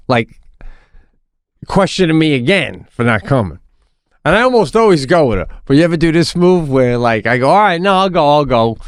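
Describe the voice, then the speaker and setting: A man's voice: mid-range voice, moderate pace, clear, resonant tone, no echo, clean studio sound. A middle-aged man co-hosting a podcast, laughing often and acting out conversations in a casual chat. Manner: laughing, animated, acts out conversations. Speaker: podcast co-host.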